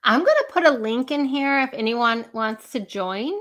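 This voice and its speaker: A woman's voice: fairly high pitch, moderate pace, a bit bright. A woman hosting a casual live stream, rambling, laughing often and chatting with her viewers.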